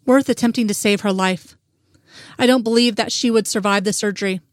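Woman narrator playing a composed male doctor giving hard news; steady delivery, dry close sound. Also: mid-range voice, no echo, close to an everyday voice. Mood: grave. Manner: measured, delivering grave news. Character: male doctor, calm and clinical.

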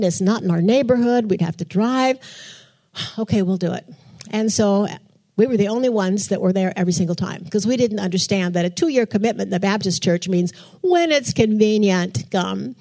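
A woman's voice: mid-range voice, darkish tone. An older woman giving a chatty testimony in church, telling her story and acting out what she thought back then. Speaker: church speaker. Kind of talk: testimony sermon.

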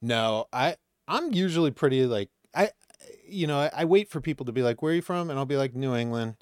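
A man from Maine telling stories as a podcast guest, animated and acting out the voices of people in his anecdotes. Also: mid-range voice, brisk, no echo, clean studio sound. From Maine, USA. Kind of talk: casual storytelling chat.

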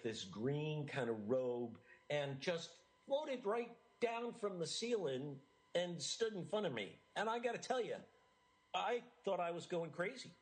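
A man's voice: mid-range voice, rough recording. A middle-aged man, an interview guest, telling a personal story in an earnest, emotional way with frequent laughs.

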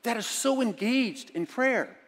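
A middle-aged man preaching a sermon as a pastor, moving between hushed reading and loud, emphatic lines. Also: extremely high pitch, sing-song, a little slow. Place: church sanctuary. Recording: church sanctuary with long reverb.

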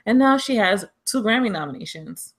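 A woman's voice: mid-range voice, lively intonation, moderate pace. A woman with a New York accent, co-hosting a podcast in chatty, emphatic casual talk and laughing often. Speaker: podcast co-host. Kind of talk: casual chat.

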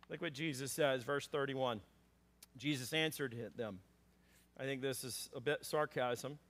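A man preaching a sermon as pastor, conversational and animated, with frequent fillers and acted-out lines for scripture characters. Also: medium pitch, moderate pace. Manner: acts out scripture characters in a raised voice.

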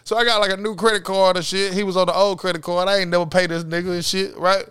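A man co-hosting a podcast, telling quick, profane stories and acting out what others said. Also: sits high, level tone, a bit bright, clean tone, no echo, studio quality. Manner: fast, profane storytelling that acts out what others said. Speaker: podcast co-host. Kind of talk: casual chat.

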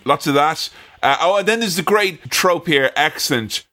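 A man on a film podcast with a bright, forceful voice pitched a little high. He talks in a loose, jokey way, swearing freely and dropping into silly voices. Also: animated, normal speed, a little hiss or hum. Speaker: podcast co-host. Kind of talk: casual film review chat.

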